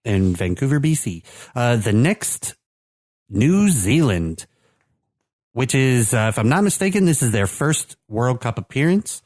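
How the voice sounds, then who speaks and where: Very animated yet a little slow, this man's medium-pitched, slightly mellow voice carries a casual podcast chat about soccer teams. As co-host he leans on lots of fillers and restarts. The audio is clean studio sound without echo.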